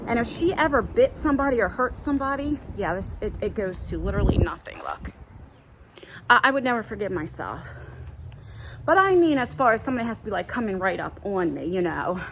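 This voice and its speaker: A woman's voice: mid-range voice, big pitch swings, a little fast, a bit bright, slight background noise, low-quality recording. A middle-aged woman rambling casually as she vlogs on a walk outdoors, talking into a handheld phone. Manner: chatty, rambling, many fillers. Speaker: vlogger. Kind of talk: casual walk-and-talk vlog.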